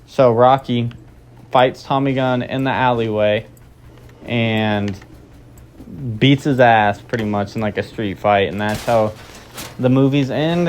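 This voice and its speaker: A man's voice: mid-range voice, slight background noise. A young man casually recapping a movie plot for his video channel, rambling with lots of fillers. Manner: rambling, filler-heavy, offhand. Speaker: video creator.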